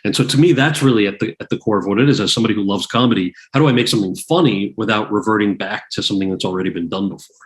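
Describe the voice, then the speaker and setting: This guest on an interview podcast, an actor and author in his forties, talks very fast in a low-leaning voice with hardly any pauses. He's an animated storyteller who acts out quotes in a raised voice, full of restarts and fillers, in casual interview chat.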